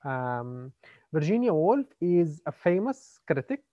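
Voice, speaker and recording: A man's voice: on the high side, very animated, slow, dry recording. Hesitant male lecturer, dry muffled sound. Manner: hesitant, many fillers and repeated words. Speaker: university literature lecturer. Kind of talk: classroom lecture. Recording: dry, slightly muffled lo-fi recording.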